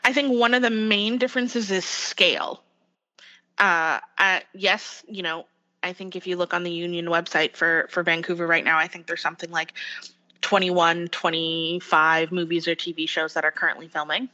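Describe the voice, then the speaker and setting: A woman's voice: fairly low pitch, fairly even intonation, normal speed, pushed and bright, dull audio. A woman with a West Coast Canadian accent, an actor chatting as a podcast guest, upbeat and full of fillers. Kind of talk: casual podcast interview.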